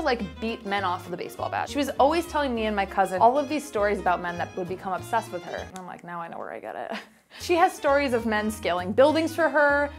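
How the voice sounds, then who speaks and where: A young adult woman casually telling a family story to the camera in a chatty, playful way. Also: fairly high pitch.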